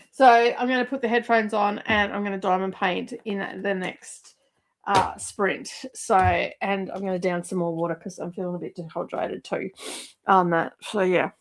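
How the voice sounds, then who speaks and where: A woman's voice: medium pitch, little pitch movement, normal speed, slight background noise. A middle-aged woman, chatting casually as host of a livestream, rambling with lots of fillers and laughs.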